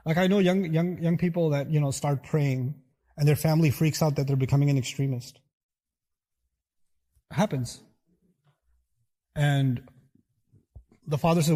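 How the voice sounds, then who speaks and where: A man's voice: fairly high pitch, normal speed, long pauses, warm tone. A man giving an earnest, emphatic sermon-style lecture to listeners. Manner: earnest, emphatic, acts out quotes. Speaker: religious lecturer.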